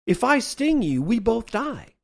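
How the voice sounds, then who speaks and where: Dude doing a sneaky scorpion voice, high and coaxing, all wheedly. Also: male voice, very animated, measured pace, vocal fry, heavily acted. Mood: wheedling. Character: sly smooth-talking male scorpion.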